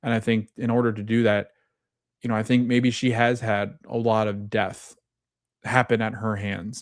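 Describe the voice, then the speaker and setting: Male podcast host, relaxed and thoughtful recap delivery, low pitch, dry close mic. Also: no echo. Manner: casual, thoughtful, acts out quoted lines. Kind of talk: TV episode recap.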